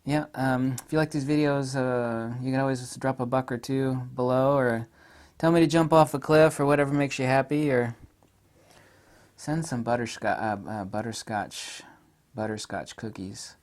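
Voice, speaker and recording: A man with a drawl talks his way through a camera lens review, rambling from point to point. He gushes and gets excitable, with giggly asides along the way. His pitch sits in an ordinary middle range for a man. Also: normal speed.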